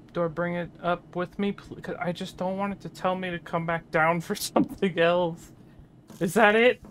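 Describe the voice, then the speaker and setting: With a mid-range voice and slight background noise, a gaming host works through a horror game, nervous chatter punctuated by panicked yelps.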